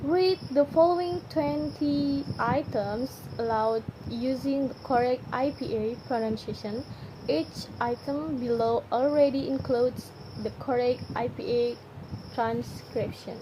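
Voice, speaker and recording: A woman's voice: high voice, measured pace. A young woman reading a class presentation, carefully pronouncing each word twice. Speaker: student presenter. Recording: noisy home recording with crickets. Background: crickets and insects.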